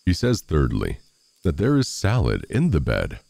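Sly little farmer, as a man puts him on, cunning and lilting, low dark voice lifted up. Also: wildly swooping pitch, normal speed, vocal fry, no echo, exaggerated voice.

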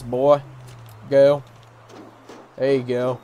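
Loud mocking man gaming. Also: mid-range voice, lively intonation, slow pace, long pauses. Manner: loud, mocking, swears and taunts at game characters. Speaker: gaming YouTuber. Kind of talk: let's play commentary. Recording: game music faint behind.

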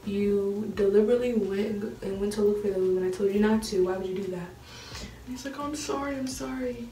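A woman's voice: mid-range voice, level tone, brisk, dark tone, slight background noise. A woman in her late teens telling a story to camera in a chatty, exasperated way, recorded in an echoey room with the mic a little far off. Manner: chatty, laughing, exasperated retelling. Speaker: vlogger. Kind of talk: casual storytime.

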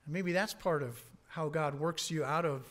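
Emphatic pastor, slightly high voice. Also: male voice, moderate pace, a bit bright. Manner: emphatic, chuckles often between points. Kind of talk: sermon. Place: church sanctuary.

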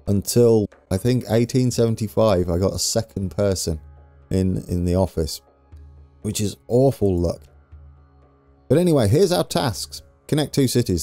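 A man's voice: on the low side, dark tone, no room sound. A man commentating his own strategy game play, chatty and self-deprecating, thinking aloud as he plans. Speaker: let's play host. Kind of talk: gameplay commentary.

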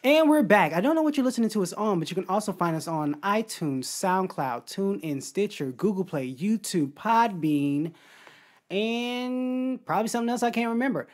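A woman's voice: medium pitch, expressive, normal speed, darkish tone. A young woman co-hosting a laid-back podcast chat. She talks freely, laughs often and slips into playful acted-out bits as she goes. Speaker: podcast co-host. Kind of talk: casual chat.

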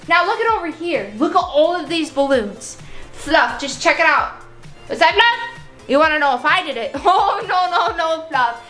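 A young woman vlogger play-acting a birthday party with plush toys, gushing and excitable, full of gasps and "like". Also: very high-pitched, echoey room. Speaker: vlogger staging a toy pet party.

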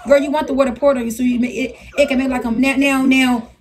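A woman's voice: high voice, flat delivery, fast talker. A woman hosting a casual live stream, brash and profane, ranting to her viewers.

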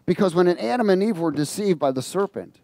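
A male preacher delivers a sermon in a fairly high but mellow voice. He reads scripture aloud and stops to have the congregation call out the missing words. The sound is dry and close. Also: lively intonation, a little fast, dry recording. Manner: prompts the congregation to fill in words.

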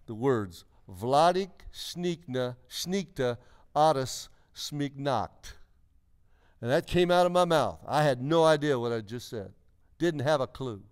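Telling his testimony from the pulpit, a man in his sixties speaks in an animated mid-range voice at a moderate pace. He's earnest and emphatic, frequently starting his sentences over.

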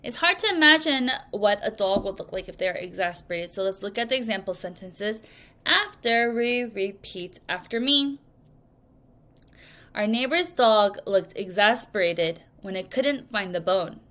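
A woman teaching English vocabulary to children in a recorded lesson, speaking slowly and clearly and acting out example sentences. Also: medium pitch, lively intonation, fairly bright tone. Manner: slow, clear teacherly delivery with acted examples.

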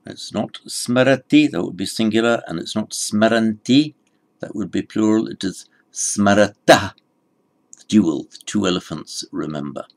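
A man's voice: lowish voice, moderate pace, gravelly. A man teaching a Sanskrit lesson, explaining patiently and correcting himself as he goes. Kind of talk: recorded language lesson.

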